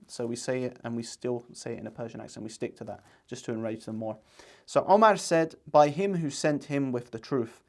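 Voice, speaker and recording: A man's voice: medium pitch, darkish tone. A man presenting religious commentary in an earnest, argumentative way, reading out scripture and reciting Arabic quotations.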